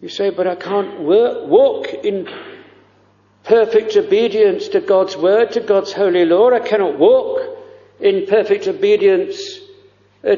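A man preaching a fervent, pleading sermon, full of drawn-out exclamations and quoted prayers. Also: sits high, warm tone. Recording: lo-fi recording in a reverberant church.

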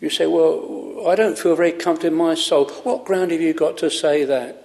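A man preaching a sermon from the pulpit, slow and earnest, stretching out words for emphasis. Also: a little high, steady tone, gravelly, a little mellow, in a large hall. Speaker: pastor. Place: chapel.

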